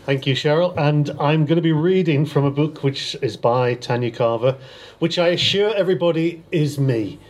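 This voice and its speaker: A man, an author, chatting briefly and then reading the opening of his crime novel at a live event, in a steady narrating manner. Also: on the high side, normal speed, slight background noise.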